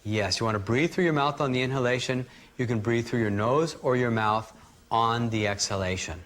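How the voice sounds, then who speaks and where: A man teaching a live workshop, calmly guiding a group through breathing exercises and demonstrating them aloud. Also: mid-range voice, moderate pace, a little hiss or hum. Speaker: energy healing teacher.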